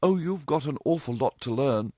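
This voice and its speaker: A cheeky, outspoken young woman in a read-aloud storybook chatters with mock drama, as a male narrator puts her on. Her voice sits high and swings freely. The sound is dry. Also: lively intonation, moderate pace, a little mellow, no echo, close to an everyday voice. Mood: teasing.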